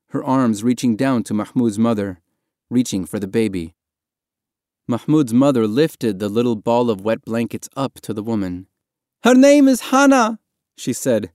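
A man reading audiobook narration in a quiet, measured, somber way. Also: fairly low pitch, dry recording, clean studio sound. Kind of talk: scripted narration.

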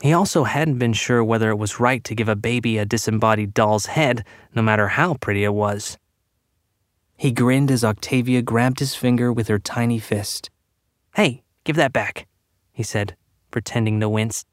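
Guy reading a story out, steady even narration, mid pitch, dry close mic. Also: moderate pace, no echo. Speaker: audiobook narrator. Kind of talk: scripted narration.

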